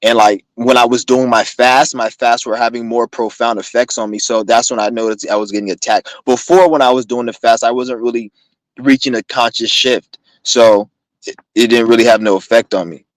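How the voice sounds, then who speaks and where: A man's voice: mid-range voice, steady tone, normal speed, no echo, low-quality recording. A young man ranting to his viewers in a heated, rambling, profane way, recorded on a phone. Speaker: vlogger. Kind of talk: casual rant to camera.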